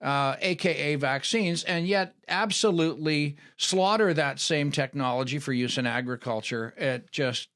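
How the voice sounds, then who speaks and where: A man's voice: fairly high pitch, measured pace, few pauses, fairly bright tone. A man speaking as an agronomist guest, arguing earnestly and restarting his sentences. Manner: earnest, argumentative, repeats words when starting. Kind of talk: casual interview chat.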